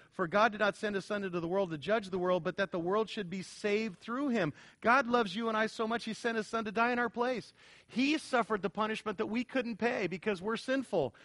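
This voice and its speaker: A middle-aged male pastor preaching a sermon, swinging from loud, emphatic stretches to quiet, earnest ones. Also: high-pitched.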